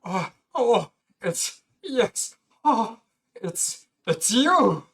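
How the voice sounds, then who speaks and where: A streamer voicing an excitable, breathy young male novelist from a game, gushing and theatrical. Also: mid-range voice. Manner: gushing, theatrical, drawn-out emphasis. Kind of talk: voicing game dialogue on a livestream.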